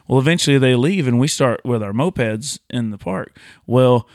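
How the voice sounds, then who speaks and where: A man's voice: medium pitch, expressive, normal speed, a little mellow, dry recording. Male podcast host, playful yarn-spinner with easy laughs; medium voice, dry studio sound. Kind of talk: casual chat, storytelling.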